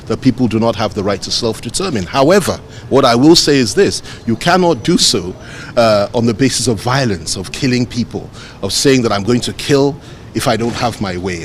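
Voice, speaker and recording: A man with a Nigerian accent, a politician answering reporters' questions outdoors in a measured, emphatic way, repeating phrases for stress. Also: medium pitch, slight background noise. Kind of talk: press interview answers.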